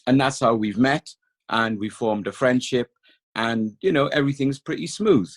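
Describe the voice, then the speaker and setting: A man with a Welsh accent, a podcast guest talking in a relaxed, reflective way and often saying "you know". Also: mid-range voice, moderate pace. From Cardiff, Wales. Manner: reflective, laid-back, leans on "you know". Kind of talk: casual chat.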